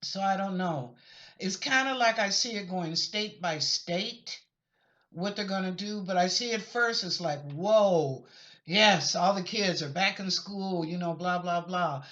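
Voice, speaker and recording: A bright, forceful-voiced woman chats her way through psychic predictions for viewers. She wanders and apologizes as she goes, and the recording sounds muffled and lo-fi. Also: on the low side, unhurried. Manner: chatty, rambling, apologetic asides. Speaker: psychic reader answering viewer questions. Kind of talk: casual spoken reading of questions. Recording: lo-fi dull recording.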